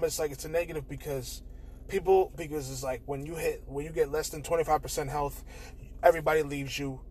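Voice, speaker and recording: A young man hosting a casual solo podcast, talking candidly and with plenty of swearing, swinging between loud bursts and quiet mutters. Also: a little high, a little hiss or hum. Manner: candid, profane, shifts between loud outbursts and quiet mumbling. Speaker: podcast host.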